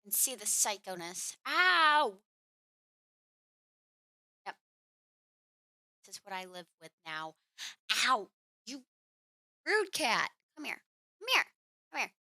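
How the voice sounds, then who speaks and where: A woman streams from home in a loose, chatty way, fussing over and scolding her cat as she sets up her game. Her voice is bright and a little high. It sits dry and close to the mic. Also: very animated, slow pace, long pauses, no room sound. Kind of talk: casual live-stream chat. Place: home room.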